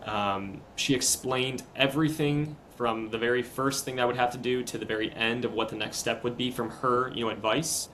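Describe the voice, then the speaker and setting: A young man in his twenties speaks at a middle pitch as a podcast guest, earnest and halting as he retells events step by step. His voice is plain and conversational. A faint low rumble sits under it. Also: steady tone, a bit bright, poor audio. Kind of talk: casual interview storytelling.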